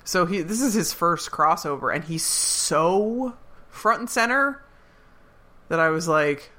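An American woman co-hosting and editing a podcast, chatty and quick to laugh. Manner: chatty, laughs often, lively pitch swings. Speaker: podcast co-host and editor. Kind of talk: casual chat.

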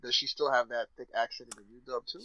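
A man in casual chat, animated and laughing often, breaking into high squealing imitations. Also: fast talker, dull audio.

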